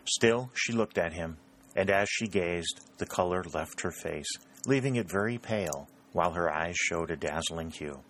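A man narrating a novel as an audiobook, steady and measured. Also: low voice.

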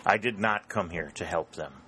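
A man's voice: sits low, moderate pace, bright, forceful tone, slight background noise, poor audio. A man voicing a proud, earnest young soldier. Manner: stiff, earnest.

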